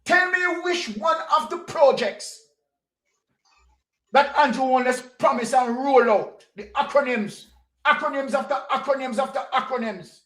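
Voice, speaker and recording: A fiery Jamaican-accented commentator delivers an impassioned political rant, hammering home each point with repetition and challenging questions. The delivery is deliberate and unhurried, and the voice carries a noticeable echo from the room. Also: high voice, a bit bright. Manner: fiery, repeats points, fires rhetorical questions. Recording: roomy echo.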